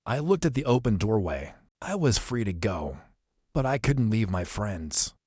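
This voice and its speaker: A man reading an adventure novel aloud as an audiobook narrator, telling the action briskly in the first person. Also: lowish voice, sing-song, a little mellow, husky, no echo, studio quality. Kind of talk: scripted storybook narration.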